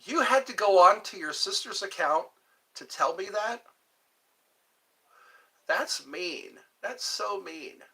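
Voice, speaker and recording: A man's voice: high voice, expressive, slow pace, long pauses, sharp tone. A man hosting a casual livestream, rambling and chatting directly with his viewers. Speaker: livestream host.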